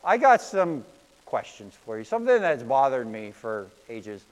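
A man's voice: medium pitch, very animated, moderate pace, in a large hall, natural voice, low-quality recording. A man voicing a bewildered ordinary guy who presses God with pleading questions. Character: bewildered everyman asking God hard questions.

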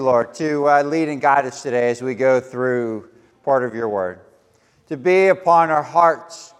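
A man's voice: a little high, big-room sound. A man preaching a sermon as pastor, with a stutter and self-deprecating asides, praying and reading scripture aloud in a church. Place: church sanctuary.

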